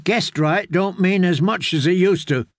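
A man voicing a blunt, hard teenage girl outlaw with rough country grammar in an audiobook. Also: high-pitched, unhurried, no room sound, clean studio sound, pitched above the performer's own voice. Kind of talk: audiobook character voice.

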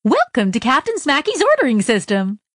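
A woman's voice: wildly swooping pitch, normal speed, no room sound, clean studio sound, exaggerated voice. A woman reading a storybook, voicing a chipper recorded ordering-system voice that exclaims like an advert. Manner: bright, exclaiming salesy pitch.

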